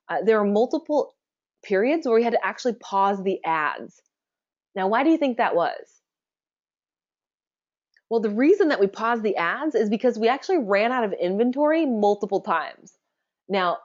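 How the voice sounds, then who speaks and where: A woman presents a webinar in an easy, conversational way, often posing rhetorical questions to her listeners. Her voice sits at an ordinary middle pitch. The recording sounds dull and a little muffled. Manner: asks rhetorical questions, relaxed and chatty.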